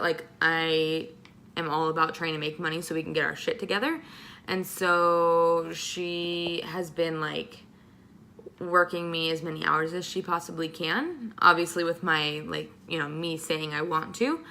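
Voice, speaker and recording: Chatty young woman, bright voice. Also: fairly low pitch, fairly even intonation, measured pace. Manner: chatty, many ums and likes. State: pregnant. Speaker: vlogger. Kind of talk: casual Q&A vlog.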